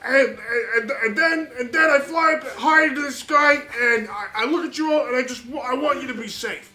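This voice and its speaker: A man's voice: very high voice, moderate pace, bright, forceful tone. A man co-hosting a podcast with brash, rambling, profane comedic banter. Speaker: podcast co-host. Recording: roomy echo.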